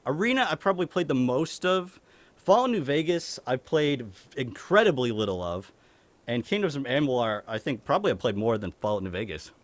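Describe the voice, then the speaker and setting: A man's voice: mid-range voice, very animated, brisk, no echo. A young man streamer chatting casually with his viewers, rambling and restarting his sentences.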